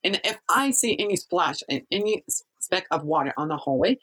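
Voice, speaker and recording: A woman voicing a cruel female orphanage teacher who gives brisk, contemptuous orders. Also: fairly low pitch, animated, a bit bright, husky, dry recording.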